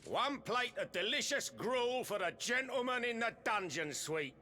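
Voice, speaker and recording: A mock-polite dungeon guard. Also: male voice, very high voice, expressive, a little slow, bright, forceful tone, in a large hall, heavily acted. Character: cheerful dungeon guard serving gruel.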